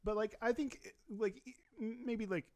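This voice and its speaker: A man co-hosting a podcast in a studio, talking casually. He rambles, teases himself and keeps things playful. His voice sits a little high for a man. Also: fairly even intonation, normal speed, creaky, dry recording. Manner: playful, self-mocking, rambling. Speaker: podcast co-host. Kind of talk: casual chat.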